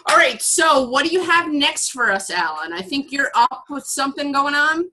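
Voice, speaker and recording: A woman's voice: high voice, expressive, normal speed, bright, forceful tone, rough recording. A woman co-hosting a casual podcast, reading out trivia questions and laughing along with cheerful apologies. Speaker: podcast co-host running trivia. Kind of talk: casual chat.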